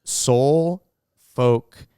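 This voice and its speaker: A man's voice: mid-range voice, very slow, warm tone, clear, resonant tone, no echo, clean studio sound. A man in his twenties, a podcast guest, chatting casually in a laid-back way with lots of filler words. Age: 20s. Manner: laid-back, laughs often, many "like" fillers. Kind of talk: casual chat.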